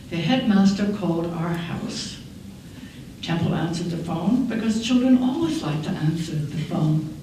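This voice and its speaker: An older woman giving a keynote speech, telling stories in a measured, wry way, recorded in a large conference hall. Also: mid-range voice, dark tone, slight background noise. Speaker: keynote speaker. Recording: echoey hall from far off.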